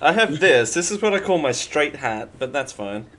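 A high, bright-toned man trades playful jokes in a lively, swooping voice. He sounds like a podcast co-host in casual banter. Faint noise sits behind him. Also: normal speed. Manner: playful, laughing.

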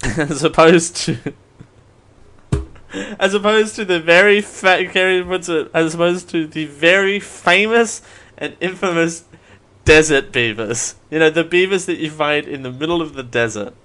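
Slow, rambling male live-show host. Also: on the high side, fairly bright tone. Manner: rambling, self-mocking, laughs often. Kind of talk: live stream Q&A.

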